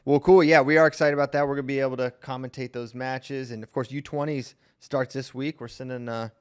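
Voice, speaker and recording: Upbeat podcast host, smooth clear voice. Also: male voice, mid-range voice, fairly even intonation, brisk. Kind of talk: casual podcast chat.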